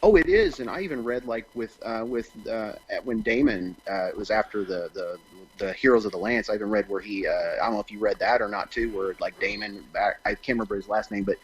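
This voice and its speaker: A man's voice: lowish voice, quick pace, slightly rough, poor audio. A man who is an actor, chatting as a guest on a podcast in a rambling, gushing way. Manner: rambling, gushing, many fillers. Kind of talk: casual interview chat.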